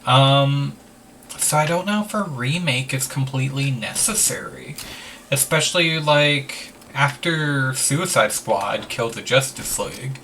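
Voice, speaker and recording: A man's voice: mid-range voice, expressive, a little slow, pushed and bright, distant mic, slight background noise. A man hosting a let's play, rambling casually with lots of "like" and the odd swear word. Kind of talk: casual gameplay commentary.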